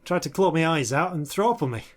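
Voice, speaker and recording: A man's voice: on the high side, lively intonation, quick pace. A flustered cleaning woman in her fifties, put on by a man in a tabletop game, talking in a raised voice and tumbling through her story with ums and restarts. She rambles on, chatty and a little rattled. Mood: rambling. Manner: rambling, full of hesitations.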